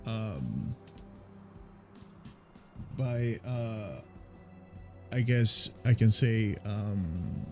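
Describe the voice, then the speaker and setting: A man's voice: fairly low pitch, creaky. A man casually commentating his video game playthrough, rambling with many fillers and restarts.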